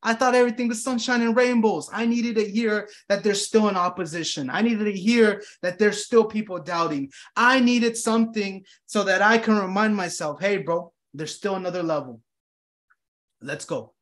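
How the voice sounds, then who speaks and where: Earnest man with a higher voice. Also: moderate pace, hardly any pauses, a bit bright. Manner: earnest, swearing, acts out inner dialogue. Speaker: motivational speaker. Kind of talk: reflective motivational monologue.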